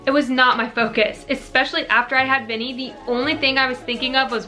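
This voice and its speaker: Bright-voiced chatty young woman vlogger. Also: high-pitched, fast talker, hardly any pauses. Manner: chatty, earnest, peppered with "like" and "you know". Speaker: fitness vlogger answering viewer questions. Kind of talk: casual Q&A chat to camera. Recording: faint music behind.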